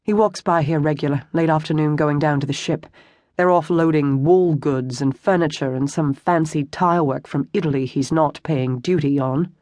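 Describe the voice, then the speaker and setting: An audiobook narrator voicing a bold young woman who plans a street scheme, speaking briskly and to the point. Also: medium pitch, a little mellow, dry recording, studio quality, close to an everyday voice.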